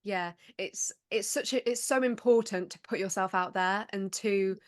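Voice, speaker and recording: A woman host leads a casual podcast chat with her guest. She is encouraging and enthusiastic, with quick, warm reactions to what she hears. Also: mid-range voice.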